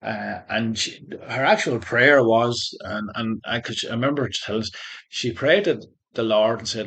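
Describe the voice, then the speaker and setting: A man recounts a personal faith story as an interview guest. He talks in an earnest, halting way, often restarting his sentences. His voice sits at an ordinary middle pitch. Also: fairly bright tone. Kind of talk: conversational faith testimony.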